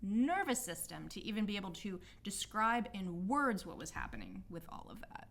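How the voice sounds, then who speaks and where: A woman's voice: medium pitch, very animated, normal speed, fairly bright tone. A woman sharing a personal story in a candid, reflective monologue, speaking loosely with many fillers and openly apologizing for past mistakes. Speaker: healing arts practitioner hosting a personal podcast.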